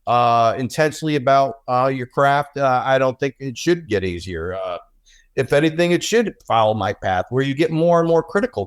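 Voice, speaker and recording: A middle-aged man speaking as a comic book artist on a live panel, earnest and steady with many pauses. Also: mid-range voice. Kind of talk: casual live panel talk. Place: live event before an audience.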